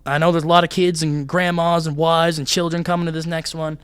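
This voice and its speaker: Young male fighter guest with a high voice, rambling and animated. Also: brisk, clear, resonant tone. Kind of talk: casual podcast chat.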